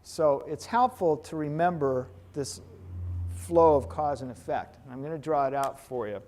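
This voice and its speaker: A man teaching a class on hypnotherapy in a lively way, joking now and then and putting questions to his audience. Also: on the high side, normal speed. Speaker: hypnotherapy instructor. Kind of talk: lecture to a live class.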